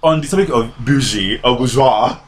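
A man's voice: mid-range voice, moderate pace, slight background noise. A young man co-hosting a casual podcast chat and telling stories, acting out what other people said. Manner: animated storyteller who acts out what others say. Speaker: podcast co-host.

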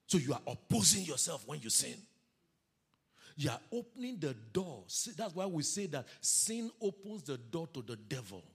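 Lively husky-voiced male preacher. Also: a little high, normal speed. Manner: animated preaching, mimics crying sinners, calls on congregation to read aloud. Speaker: pastor. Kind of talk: sermon.

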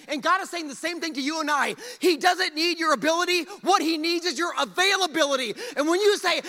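A man pastor preaching a sermon in a church, animated, repeating words and acting out quotes. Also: extremely high pitch, fast talker, few pauses. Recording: long reverb of a large hall.

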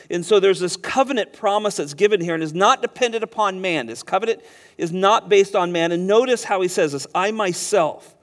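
A man preaching an expository sermon, emphatic and slowing down to stress key words. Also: a little high. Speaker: pastor. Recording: long hall reverb.

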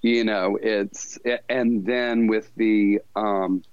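A man's voice: lowish voice, steady tone, slow pace, clear, resonant tone, dry recording. Southern-accented man telling rambling stories. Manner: rambling, self-deprecating, laughs often. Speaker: podcast guest, fashion designer. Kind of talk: casual storytelling interview. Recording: dull, lo-fi dry sound.

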